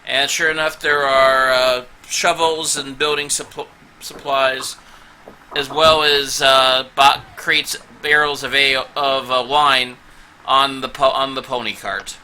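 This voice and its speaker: A man narrating a tabletop game as game master, unhurried and hesitant with fillers. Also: mid-range voice, level tone, sharp tone, slight background noise, low-quality recording.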